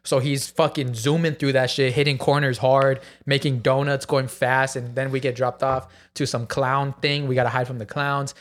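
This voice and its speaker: A man's voice: mid-range voice, little pitch movement, moderate pace, hardly any pauses. A man in a casual chat, telling a wild story with gasps, acted-out quotes and plenty of swearing.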